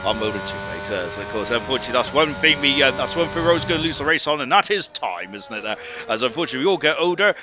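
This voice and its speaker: A man's voice: mid-range voice, background noise. A man giving rambling, chatty live commentary on an online racing league, full of quaint exclamations. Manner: rambling, chatty, quaint exclamations, rising excitement on fast laps. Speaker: esports race commentator.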